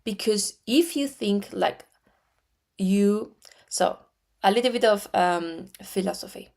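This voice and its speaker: A woman in her forties with an Argentine Spanish accent, teaching metaphysics in a slow, deliberate way with frequent restarts. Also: mid-range voice, gravelly, darkish tone. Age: 40s. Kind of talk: spiritual teaching talk.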